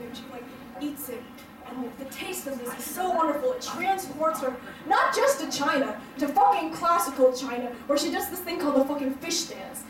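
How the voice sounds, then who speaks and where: Young female stand-up comic, high voice, rambling filler-laden delivery, roomy distant live-room sound. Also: background noise. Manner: rambling, filler-heavy storytelling with frequent laughs. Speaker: stand-up comedian. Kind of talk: stand-up comedy set. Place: hotel event room before a live audience.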